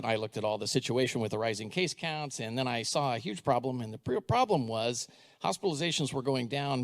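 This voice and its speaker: A middle-aged man, a school superintendent, telling a story to a live audience, acting out the dialogue and asking the crowd questions. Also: mid-range voice. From United States. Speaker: school superintendent giving a talk.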